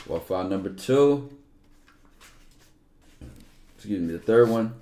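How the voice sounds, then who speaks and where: A man's voice: on the low side, animated, slow pace, long pauses, mellow. A young man livestreaming, talking casually and emphatically, with lots of profanity, and sometimes reading aloud from a book.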